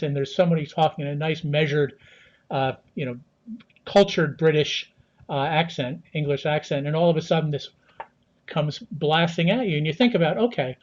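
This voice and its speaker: American man, measured, lo-fi call audio. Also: on the high side. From United States. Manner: measured, many fillers and restarts. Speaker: guest analyst. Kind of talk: unscripted interview answers.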